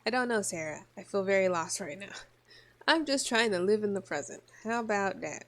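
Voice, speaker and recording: A woman's voice: mid-range voice, lively intonation, brisk. A woman giving casual gameplay commentary, playful and joking, reading the choices aloud. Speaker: gaming video creator.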